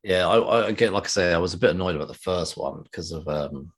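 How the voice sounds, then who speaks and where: Deep husky man, tired. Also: fast talker. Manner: rambling, self-interrupting. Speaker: podcast co-host. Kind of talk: casual chat.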